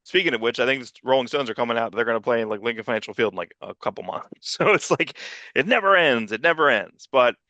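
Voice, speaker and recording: A man co-hosts a comics podcast in loose, profane, rambling chat and acts out the people he quotes. His voice is bright and forceful. It sits dry and close to the mic. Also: mid-range voice, lively intonation, fast, no room sound, muffled recording. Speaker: podcast co-host and producer.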